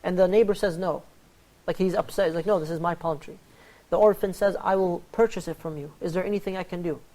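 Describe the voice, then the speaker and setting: A man hosting a religious panel talk on charity, telling stories in an animated way and acting out the quoted lines. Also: high-pitched, fast. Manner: animated storyteller, acts out quoted dialogue. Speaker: host.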